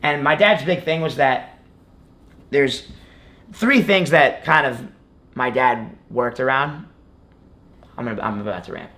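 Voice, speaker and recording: A young man in his twenties tells a long story in a relaxed sit-down interview. He rambles, restarts often and fills the gaps with "like" and "you know." His pitch sits in an ordinary middle range. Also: unhurried, pauses often. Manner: rambling, filler-heavy storytelling with many "like"s. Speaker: guest wrestler. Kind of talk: casual interview.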